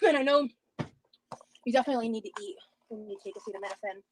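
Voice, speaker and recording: A woman's voice: a little high, brisk, slight background noise, rough recording. Breathless woman rambling on a livestream. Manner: rambling, reads chat aloud. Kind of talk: casual livestream chat.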